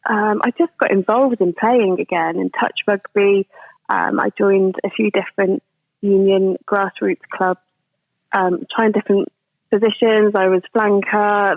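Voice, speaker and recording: A woman's voice: medium pitch, dry recording. A woman in her forties, a rugby coach, answering podcast questions in a chatty, rambling way with many ums and restarts, heard over a phone or call line. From England. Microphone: phone or video call. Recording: tinny phone line, dry.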